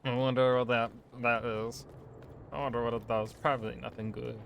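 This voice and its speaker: A man streams a game and mutters offhand remarks to himself while exploring. His voice sits at a mid pitch with a faint hum of noise behind it. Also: level tone, normal speed, creaky, fairly bright tone. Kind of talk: casual gameplay commentary.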